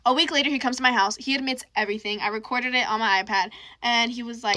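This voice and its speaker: A woman's voice: a little high, fairly even intonation, fast talker, few pauses, pushed and bright, a little hiss or hum. A young woman telling a personal story in a casual storytime monologue, chatty and full of "like", quoting people in her own voice.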